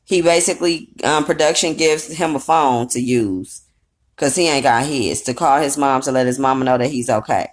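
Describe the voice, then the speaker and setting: A woman's voice: extremely low pitch, moderate pace. Blunt, profane woman recapping reality TV. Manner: rambling with fillers and asides. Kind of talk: casual recap commentary.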